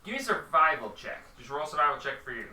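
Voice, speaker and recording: A game master narrating a tabletop game, animated, with sound effects and the odd shout. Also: mid-range voice, fast, a little hiss or hum. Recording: roomy, distant mic.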